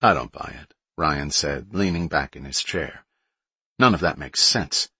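A man's voice: very deep voice, animated, a little slow, bright, forceful tone, husky, dry recording, full character voice. A man voicing a rude, scoffing bully. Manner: blunt, scoffing.

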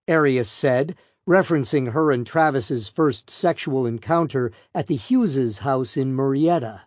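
A man's voice: medium pitch, unhurried, hardly any pauses, dry recording, studio quality. A man narrating a first-person true crime account, asking pointed, probing questions as he recounts them.

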